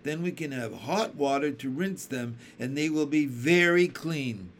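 A man's voice: a little high, unhurried, slight background noise. A man reading aloud and voicing a practical, kind older sister who encourages the younger children. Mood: cheerful.

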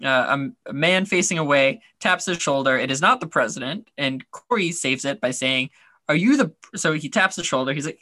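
A man's voice: fairly high pitch, animated, moderate pace, bright, forceful tone, no room sound. A man co-hosting a podcast, recapping a scene in a rambling, wry way with lots of fillers. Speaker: podcast co-host. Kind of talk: casual recap chat.

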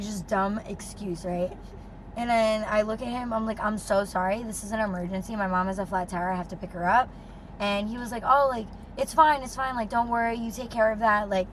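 A young woman telling a dating story as a podcast co-host, animated and swearing freely, with lots of "like". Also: fairly high pitch, slight background noise. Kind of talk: casual storytelling chat.

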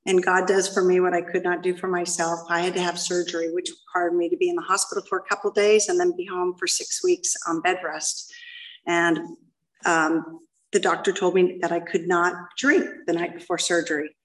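A woman's voice: lowish voice, flat delivery, a little fast. A middle-aged woman giving a candid, self-deprecating personal testimony to a live audience in a meeting room. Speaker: speaker sharing her story at a recovery meeting. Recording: voice picked up from a distance.

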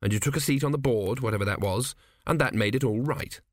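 A man narrating a comic fantasy audiobook in a wry, expressive storytelling manner. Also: medium pitch, quick pace, no echo, clean studio sound. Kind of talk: scripted narration.

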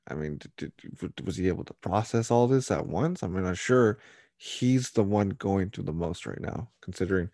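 Mellow-voiced man asking halting questions. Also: on the low side, no echo, studio quality. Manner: searching, repetitive, filler-heavy. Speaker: interviewer. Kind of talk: casual interview questions.

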